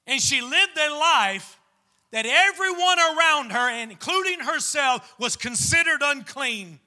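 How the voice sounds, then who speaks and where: A man preaching a sermon as pastor, fervent and rising at times to shouts. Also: very high-pitched.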